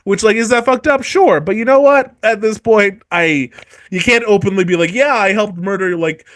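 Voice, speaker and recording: A man hosts a casual book discussion podcast, recapping the story in a swearing, animated voice. His voice sits fairly high and gets loud when he is excited. He talks in quick bursts with lots of fillers. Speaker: podcast host.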